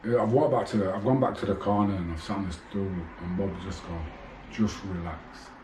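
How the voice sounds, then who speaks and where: Fifties man, ex-fighter, blunt and rambling; mellow low voice, echoey room. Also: fast, a little hiss or hum. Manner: blunt, swears freely, rambling storytelling. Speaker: former boxer telling his story. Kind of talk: casual monologue to camera.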